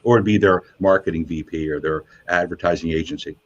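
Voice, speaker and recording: A man, a radio DJ and guest, telling animated stories in a casual interview and jumping up in pitch when he quotes people. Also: fairly quick. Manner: animated storyteller, voices quotes with high pitch jumps. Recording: muffled lo-fi sound.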